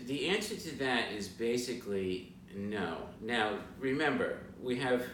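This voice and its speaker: A man hosting a casual talk to camera, an animated storyteller full of asides, recorded indoors in a large suite. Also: mid-range voice, unhurried. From moved from Boston. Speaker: guest house owner and host. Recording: roomy and somewhat distant with background noise.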